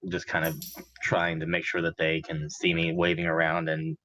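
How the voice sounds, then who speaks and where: A man's voice: low-pitched, completely flat delivery, normal speed, bright, forceful tone. A man talking as a player in a tabletop game, laid back as he explains his character's moves. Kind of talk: casual tabletop play.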